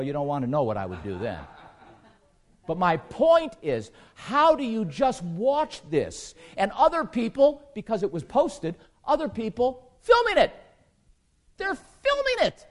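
A man preaching a sermon in an emphatic way, repeating phrases for stress and pausing on fillers between points. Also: sits high.

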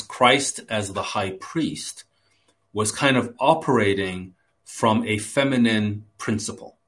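A man preaching with a lively, rising-and-falling delivery. He teaches through a passage verse by verse, swelling on key words and then dropping back to a quiet aside. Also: fairly low pitch. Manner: expository teaching with dramatic emphasis swings. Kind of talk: sermon.

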